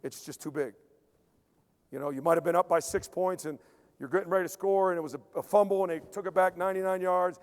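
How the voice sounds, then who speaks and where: A man, a strength coach, giving an emphatic conference lecture, repeating key points and dropping into quiet acted-out asides. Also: sits high, steady tone, fast talker. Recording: long hall reverb.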